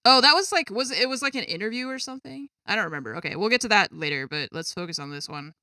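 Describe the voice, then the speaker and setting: Chatty woman streamer at her desk, bright voice, dry close sound, kinda exasperated, swears a lot. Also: mid-range voice, animated, quick pace, dry recording. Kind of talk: casual chat to viewers. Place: home gaming setup with a cat.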